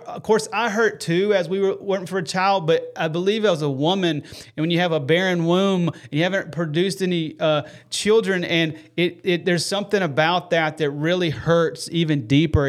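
A man's voice: sits high, steady tone, moderate pace. A man hosting a Christian live show with his wife, talking earnestly and greeting viewers by name. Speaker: host of a Christian web show. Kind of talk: casual faith talk and viewer shout-outs.

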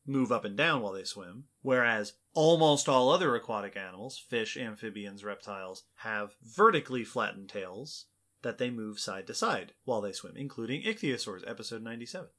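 A man's voice: on the low side, expressive, a little fast, a bit bright. A man co-hosting an educational podcast, explaining in a playful, casual way. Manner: playful, explains with lists and asides. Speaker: podcast co-host.

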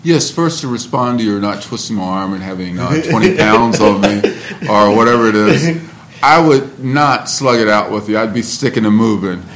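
A man who is a poet, performing spoken word poetry with a slow, rhythmic delivery and talking about his writing. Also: fairly low pitch, expressive, fairly bright tone.

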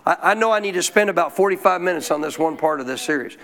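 A man with a high voice preaches a sermon to his church. He keeps calling out questions to the people in the pews, checking that they are still listening. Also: animated, quick pace, creaky, fairly bright tone. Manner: calls out questions to the congregation. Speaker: pastor.

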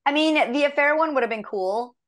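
A woman voice actress chatting casually in an interview, telling stories with lively acted quotes. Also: high-pitched, fairly quick. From half American. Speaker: voice actress guest.

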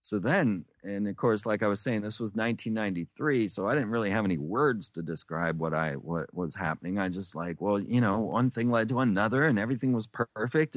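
A man's voice: lowish voice, no echo. A man from the United States telling meandering life stories in an interview, full of restarts and fillers. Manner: meandering, many restarts and fillers, acts out quoted voices. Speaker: interview guest. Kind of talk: rambling storytelling.

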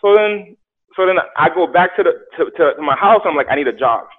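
A young man telling a story casually, animated, acting out quotes and repeating words. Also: a little high, fairly quick. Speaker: guest telling his story. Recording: tinny phone-like sound.

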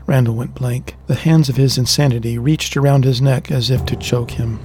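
Man, audiobook narrator, scripted fantasy narration, steady deliberate reading, faint background music. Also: mid-range voice.

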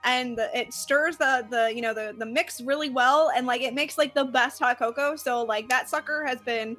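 A woman's voice: high voice, moderate pace, fairly bright tone, soft background music. A woman co-hosting a podcast, chatting casually in a rambling way. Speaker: podcast co-host. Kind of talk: casual chat.

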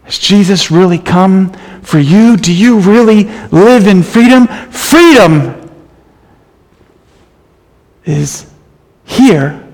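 A man preaching a sermon, reading scripture aloud and explaining it with emphatic, animated delivery. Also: high voice, takes it slowly, pauses often. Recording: long reverb in a large hall.

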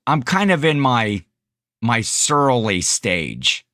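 A man's voice: mid-range voice, big pitch swings, slow pace, bright, forceful tone, no room sound, studio quality. A man co-hosting a podcast in casual chat, rambling with frequent laughs and restarts. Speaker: podcast co-host.

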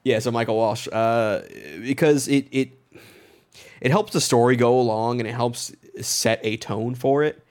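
A man's voice: medium pitch, fairly even intonation, unhurried, a little mellow. A man co-hosting a comic book podcast, talking animatedly with stumbling restarts and laughing often. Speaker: podcast co-host. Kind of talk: casual comic book chat.

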